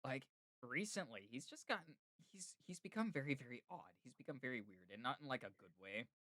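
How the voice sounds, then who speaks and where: A man's voice: mid-range voice, animated, fairly quick, sharp tone, no echo, clean studio sound. A man hosting a casual podcast chat, rambling and laid-back, peppering his talk with "like" and "dude". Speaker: podcast host.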